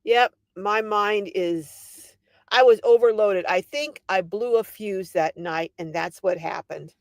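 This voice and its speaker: A woman's voice: mid-range voice, takes it slowly, no room sound. An older woman hosting a casual livestream, telling a story animatedly and reading out viewer comments. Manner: animated storytelling, laughing often. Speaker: livestream host.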